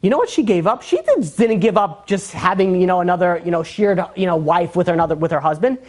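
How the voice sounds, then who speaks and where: A woman's voice: fairly low pitch, expressive, quick pace, darkish tone. A woman with a Brooklyn Jewish accent teaching an informal Torah class, conversational and full of restarts and fillers.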